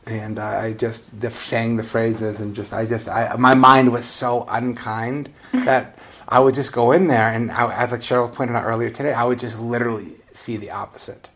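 A man giving a dharma talk as a meditation teacher, in a relaxed, conversational, self-deprecating way with frequent chuckles. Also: medium pitch, normal speed.

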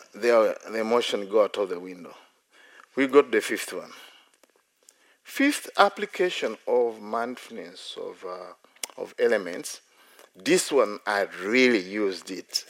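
A Buddhist monk teaching at a meditation retreat, his voice gravelly and full of lively rises and falls. He talks in a playful, self-deprecating way, chuckling often as he tells stories from his own practice. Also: on the low side. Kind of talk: dharma talk at a meditation retreat.

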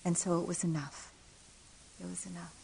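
Middle-aged woman teacher, warm storytelling dharma talk, unhurried with light laughs. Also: fairly low pitch, level tone, vocal fry, slight background noise, rough recording. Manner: gentle storytelling with soft laughs. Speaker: meditation teacher. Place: retreat center hall.

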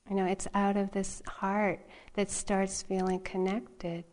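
A middle-aged woman meditation teacher giving a dharma talk, telling a personal story in a soft, unhurried way and laughing often. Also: mid-range voice, level tone.

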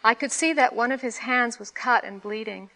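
A woman meditation teacher giving a dharma talk, reading a story aloud with expressive storytelling. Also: on the high side, normal speed, poor audio. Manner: expressive storytelling, laughing at times.

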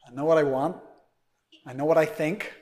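A man putting on a New York accent to voice a brash, self-certain New Yorker making loud, emphatic declarations. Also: fairly high pitch, steady tone, moderate pace, noisy background, close to an everyday voice. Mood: assertive.

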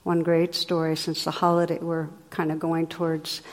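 In a meditation hall with long reverb, a female meditation teacher delivers a conversational, reflective dharma talk full of fillers. Her low voice stays monotone, and her pace is moderate.

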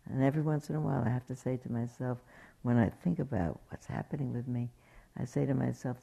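A woman's voice: rumbling low, fast talker, vocal fry. A woman meditation teacher giving a dharma talk, telling stories in an anecdotal way and acting out quotes. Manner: warm anecdotal storytelling, acts out quotes.

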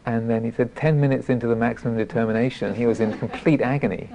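Gravelly-voiced monk giving a dharma talk. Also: male voice, mid-range voice, fairly even intonation, background noise. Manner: self-deprecating storytelling; halting, with frequent restarts. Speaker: Buddhist monk teacher.

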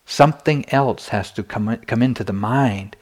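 A man's voice: medium pitch, normal speed. An older man giving a meditation dharma talk, telling personal stories candidly with self-deprecating humor. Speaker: meditation teacher.

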